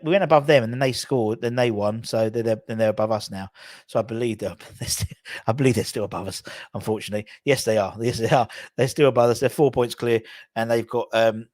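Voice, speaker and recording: Man, football channel host, chatty, self-correcting, mid pitch, dry room. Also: no room sound. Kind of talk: casual commentary.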